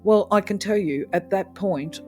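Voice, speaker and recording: A woman's voice: medium pitch, moderate pace, faint music behind. Chatty woman telling a rambling story. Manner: animated, rambling, acts out quoted dialogue. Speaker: crystal channel host. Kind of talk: casual storytelling.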